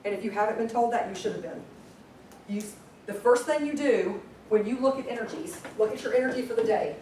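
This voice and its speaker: Lively woman trainer in an echoey room. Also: a little high, a little fast, slight background noise. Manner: energetic, quizzes the audience. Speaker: sales trainer. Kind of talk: live training class. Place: meeting room with a group. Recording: echoey room, distant mic.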